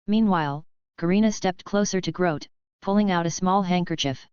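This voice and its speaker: A woman reading a novel aloud as narrator, telling the story in an even, unhurried way. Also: lowish voice, clean tone, no echo. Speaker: audiobook narrator. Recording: dull, lo-fi dry recording.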